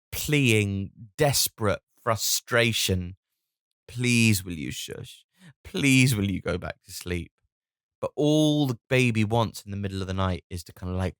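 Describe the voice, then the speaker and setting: A man's voice: on the low side, no room sound, clean studio sound. Tired man rambling on his podcast. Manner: rambling, halting with many restarts and fillers; swears casually, wry and self-mocking. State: tired from lack of sleep. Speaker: comedian and solo podcast host. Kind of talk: rambling solo podcast monologue.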